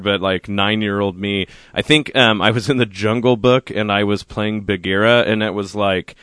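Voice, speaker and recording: A man's voice: fairly low pitch, fairly even intonation, a bit bright, smooth, dry recording. A man from Oklahoma co-hosting a radio talk show from a studio, chatting casually and joking. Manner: jokey, quick laughs, frequent restarts. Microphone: studio microphone.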